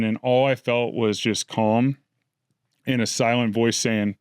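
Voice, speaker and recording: A man in his thirties recounts his story with earnest, reflective feeling. His voice is smooth and clear, and the recording is dry and close with no room sound. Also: medium pitch, fairly even intonation, a little slow, no room sound. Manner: earnest, reflective, emotional retelling. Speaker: interview guest. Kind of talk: candid storytelling.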